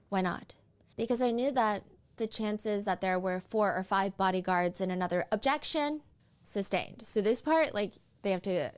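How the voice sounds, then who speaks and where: A woman's voice: medium pitch, a little hiss or hum. Conversational woman recapping testimony. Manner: conversational, says "like" often. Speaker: streamer recapping a trial. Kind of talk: casual commentary reading court testimony aloud.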